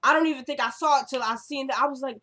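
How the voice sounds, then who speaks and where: A woman talking to her own camera, recapping a TV episode in a chatty, excitable way full of asides. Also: high-pitched, racing.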